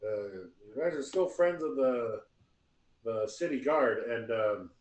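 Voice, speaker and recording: A man running a tabletop role-playing game as dungeon master, talking in a relaxed, accommodating way with hesitant fillers. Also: medium pitch, slow pace. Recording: roomy echo.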